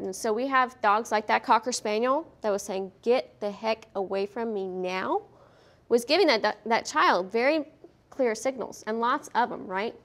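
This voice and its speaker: A woman giving a veterinary behavior lecture at a conference, lively and questioning the audience, acting out what the dogs feel. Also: fairly high pitch. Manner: lively, asks the audience questions, acts out dogs' thoughts. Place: conference hall.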